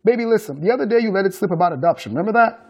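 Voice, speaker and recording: A man's voice: high-pitched, lively intonation, racing, pitched above the performer's own voice. A man voicing a blunt man in his thirties leaving his partner, curt and cutting.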